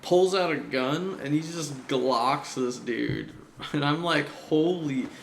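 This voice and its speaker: A man chats loosely about an anime, and his voice has a gravelly fry to it. He talks in a slangy, profane way and laughs often. The room sounds echoey, with a faint hum underneath. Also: mid-range voice, slow. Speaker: anime reviewer. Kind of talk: casual chat.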